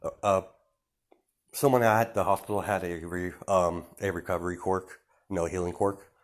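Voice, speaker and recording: A man's voice: deep voice, fairly even intonation, moderate pace. A man improvising a fan story aloud, rambling with many fillers and self-corrections.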